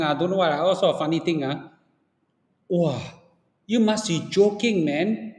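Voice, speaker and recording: A man's voice: a little high, a little fast, a little mellow. Blunt Singaporean man lecturing, echoey room. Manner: blunt and lecturing, peppered with "okay?" and "ah". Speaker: livestream host. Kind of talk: opinionated livestream talk. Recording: echoey room with long reverb.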